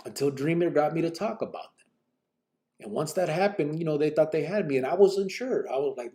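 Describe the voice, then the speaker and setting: A man's voice: a little high, animated, moderate pace, dark tone. A man telling his own story on a live podcast, blunt and profane, full of fillers. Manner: blunt, profane street talk with many fillers.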